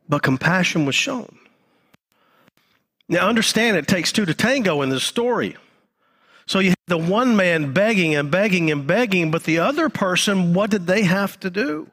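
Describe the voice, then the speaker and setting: A pastor delivering a live sermon in a fairly high male voice. He repeats key phrases and sinks to a hushed, low tone for emphasis. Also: normal speed, slightly rough. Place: church.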